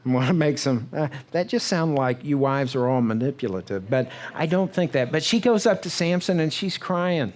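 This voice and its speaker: A man's voice: fairly high pitch, lively intonation, slight background noise. A man preaching a church sermon in a conversational storytelling way, often checking in with the congregation and briefly acting out what the characters say. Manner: conversational storytelling with frequent "right?" asides; acts out the characters' words in quick bursts. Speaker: pastor. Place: church sanctuary.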